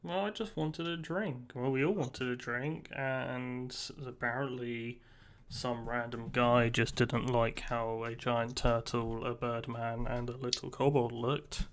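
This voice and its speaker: A man's voice: mid-range voice, steady tone, measured pace. A man playing a tabletop game, easygoing and matter-of-fact. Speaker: player. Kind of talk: casual tabletop play, in character.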